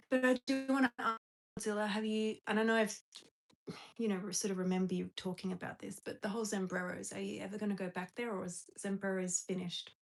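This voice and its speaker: A young woman hosts a relaxed live stream, talking straight to her viewers. She giggles often and rambles, stopping and restarting her thoughts mid-sentence. Her pitch sits in an ordinary middle range. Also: brisk, rough recording. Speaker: livestream host. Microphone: phone or webcam on a live stream.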